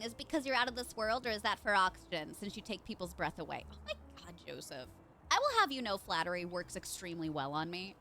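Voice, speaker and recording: Bubbly, animated woman streamer. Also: medium pitch, fairly quick, slight background noise. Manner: bubbly, chatty, reads chat aloud. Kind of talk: live gameplay commentary.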